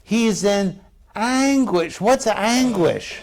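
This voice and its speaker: Middle-aged male pastor, gravelly, higher pitch, chatty sermon delivery. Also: animated, very slow. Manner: conversational preaching with rhetorical questions to the congregation.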